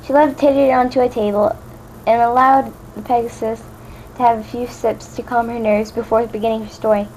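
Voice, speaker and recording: Casual amateur woman narrator, chatty asides, a bit high-pitched. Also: little pitch movement, brisk, a little mellow, slight background noise, low-quality recording. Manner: stumbling restarts, chatty asides to viewers. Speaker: fanfiction reader. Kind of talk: casual read-aloud narration.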